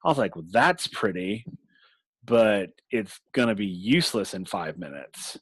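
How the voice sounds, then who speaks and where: A man's voice: on the low side, sing-song, a little slow, husky, no echo, rough recording. A man in casual chat about tabletop games, rambling with restarts and laughing often. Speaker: game master and podcast host.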